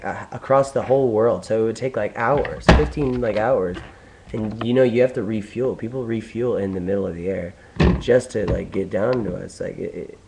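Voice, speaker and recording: A man's voice: lowish voice, creaky, darkish tone, slight background noise, poor audio. A young man from the United States talking alone in a casual, profane, rambling monologue with many restarts. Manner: profane, ranting, full of restarts. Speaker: vlogger.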